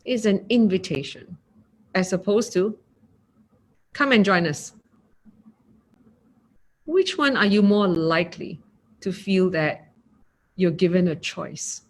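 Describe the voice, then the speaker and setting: A woman with a Singaporean accent giving a gentle mindfulness talk, acting out example phrasings. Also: on the low side, unhurried. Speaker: meditation teacher.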